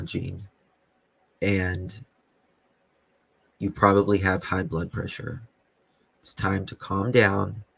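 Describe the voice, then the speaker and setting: A man with a very low, gravelly voice hosts a casual live stream, answering chat comments in an unhurried, dry, teasing way. He speaks slowly into a close mic with a dry sound. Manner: calm, slow, dry, teasing. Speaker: YouTube web sleuth host reading live chat.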